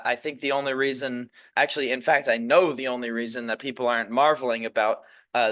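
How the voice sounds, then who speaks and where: A man's voice: mid-range voice, a bit bright, muffled recording. A young man hosting a solo sports podcast, chatting casually and rambling with lots of fillers and restarts. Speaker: podcast host.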